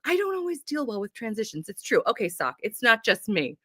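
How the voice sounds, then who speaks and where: A woman's voice: on the high side, big pitch swings, moderate pace, sharp tone, a little hiss or hum. A woman from North Carolina hosting a livestream book chat, bubbly and gushing, laughing often. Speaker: host. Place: home.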